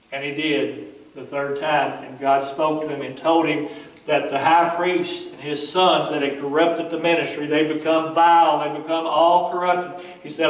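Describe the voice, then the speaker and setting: Folksy preacher in an echoey church. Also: male voice, a little high, little pitch movement, normal speed. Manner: folksy, conversational retelling with asides to the congregation. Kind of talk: sermon. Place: church sanctuary. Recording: echoey church sanctuary, mic at a distance.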